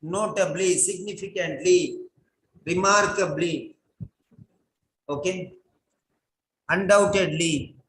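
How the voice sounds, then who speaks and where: A man's voice: high-pitched, takes it slowly, pauses often, a bit bright, slight background noise. A man teaching an English writing class, giving a lecture and drilling instructions by repeating them again and again. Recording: echoey room.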